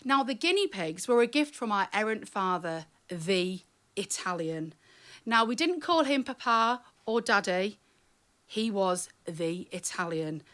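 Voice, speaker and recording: A woman's voice: mid-range voice, expressive, measured pace, a bit bright. A woman performing comic spoken-word storytelling live, wry and chatty, teasing the audience.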